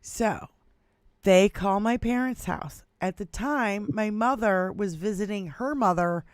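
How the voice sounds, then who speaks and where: A woman co-hosting a casual livestream chat, telling stories in an animated way, swearing freely and laughing often. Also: medium pitch, slow. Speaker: livestream co-host.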